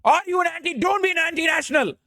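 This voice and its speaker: A man doing an impression of a bombastic male TV news anchor who shouts accusations. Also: very high voice, fast talker, dry recording, clean studio sound, pitched above the performer's own voice, full character voice. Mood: bellowing. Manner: bellowing, accusatory, theatrical.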